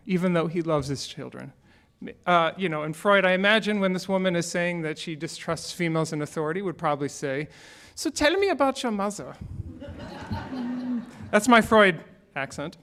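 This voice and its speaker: Male minister, fairly high voice, relaxed conversational sermon with humor. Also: moderate pace. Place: church sanctuary.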